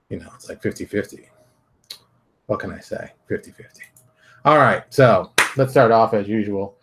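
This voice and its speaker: Middle-aged male show host, low husky voice, casual and theatrical. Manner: joking, theatrical asides, swings between loud outbursts and mutters. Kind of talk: casual daily show commentary.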